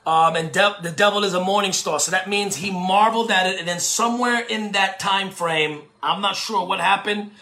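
A man preaching with a very high, bright voice, shouting and hammering phrases over and over. His fiery sermon rings out in an echoey room. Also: moderate pace, hardly any pauses. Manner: shouting, emphatic repetition, bursts of tongues.

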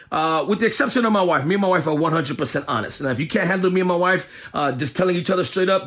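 A man delivering a sermon as an apostle, his voice pitched high and swinging widely up and down. The tone is bright and sharp, and he drives each point home emphatically, often repeating phrases. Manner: emphatic, repetitive, animated. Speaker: apostle teaching deliverance ministry. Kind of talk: preaching sermon.

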